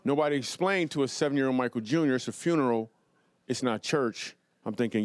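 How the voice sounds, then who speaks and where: A man doing stand-up comedy storytelling in a TV studio, animated and playful, with quick asides to the audience. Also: medium pitch, dry recording. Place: television studio before a live audience.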